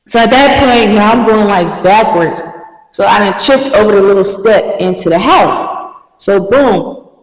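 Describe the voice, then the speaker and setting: Animated young woman telling a story in an echoey room. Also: mid-range voice. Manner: animated, vivid storyteller with slangy asides. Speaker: podcast host. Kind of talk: casual storytelling. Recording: echoey room, mic at a distance.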